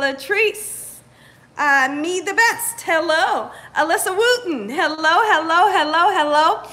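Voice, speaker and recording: A woman hosts a live cooking stream, her voice high and bright. She talks in a lively, upbeat way, calling out viewers by name as they arrive. She sounds relaxed and chatty. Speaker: cooking channel host. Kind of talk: livestream chat greeting viewers.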